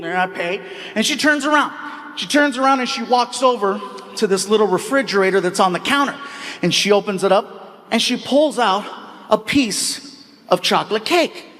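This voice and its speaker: High-voiced animated stand-up storyteller man. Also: normal speed. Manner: animated, acts out characters with sudden high shouts. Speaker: stand-up comedian. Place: live comedy venue.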